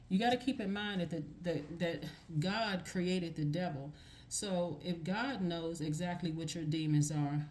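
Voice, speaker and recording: Lower-pitched woman giving an emphatic tarot reading. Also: darkish tone, a little hiss or hum. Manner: emphatic, repeats phrases for stress. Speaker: tarot reader. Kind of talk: casual tarot reading monologue.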